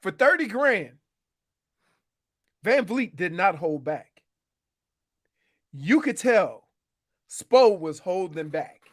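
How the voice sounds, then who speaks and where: A man's voice: high voice, very animated, slow pace, long pauses. A man co-hosting a sports radio show, making his points in a wry, explanatory way. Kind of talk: casual sports radio banter.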